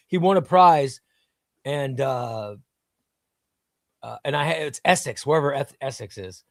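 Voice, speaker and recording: A man's voice: on the high side, dry recording, studio quality. A man hosting a live comics stream, chatting casually and enthusiastically while reading out viewer comments. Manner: enthusiastic, rambling, reads out chat. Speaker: host of a live comics show.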